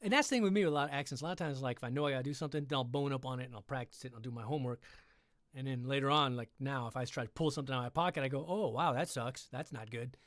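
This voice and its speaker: A man's voice: mid-range voice, racing, fairly bright tone, no room sound, studio quality. A man hosting a livestream reading, chatting in a rambling, joking way between passages and swearing casually. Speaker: livestream host reading a story aloud. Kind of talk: casual chat during a live reading.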